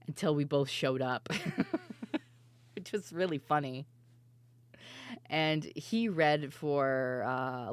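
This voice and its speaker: A woman streamer telling stories in casual chat, her voice worn and hoarse, laughing often and swearing freely. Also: a bass voice, dry recording. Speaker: VTuber streamer.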